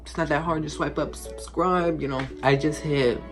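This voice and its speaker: A man's voice: fairly high pitch, steady tone, moderate pace. A teenage boy telling a casual storytime, rambling with lots of fillers and "like". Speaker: vlogger. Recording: clear music playing under the voice. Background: background music.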